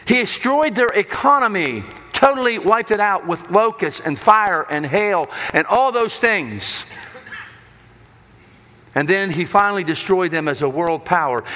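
A man preaching a sermon, swinging between loud emphatic lines and hushed low ones. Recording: long hall reverb.

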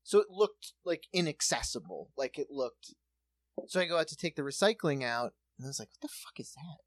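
Brief: chatty man co-host, lively storyteller, swears often, close dry mic. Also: fairly high pitch, brisk, dry recording. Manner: animated, swearing, acts out quoted voices. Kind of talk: casual storytelling chat.

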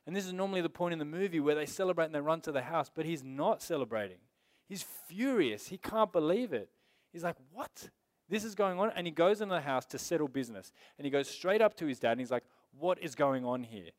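A man's voice: fairly high pitch, lively intonation, fast. A man, preaching a sermon in an emphatic, conversational way. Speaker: pastor.

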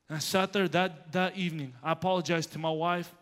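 A man preaching a sermon in a church, his voice a touch high and ringing with long hall reverb. He tells personal stories in an animated way, swinging from hushed to loud. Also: normal speed. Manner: animated, grows loud when telling of anger. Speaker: pastor. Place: church sanctuary.

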